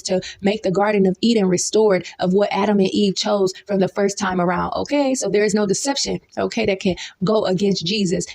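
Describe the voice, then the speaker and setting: A young woman with a Southern accent, giving an informal Bible teaching. She often asks "okay?" and jumps high in pitch when she stresses a point. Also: darkish tone. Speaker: preacher.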